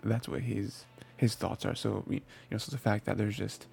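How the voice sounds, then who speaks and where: A man's voice: on the low side, little pitch movement, moderate pace, a little mellow, soft background music. A man hosting an anime podcast, recapping episodes in a rambling casual chat with many fillers and restarts. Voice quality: gravelly, husky.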